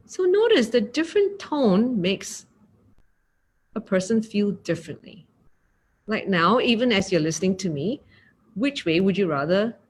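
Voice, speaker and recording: A woman with a Singaporean accent giving a gentle mindfulness talk, acting out example phrasings. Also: mid-range voice, breathy edge. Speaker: meditation teacher.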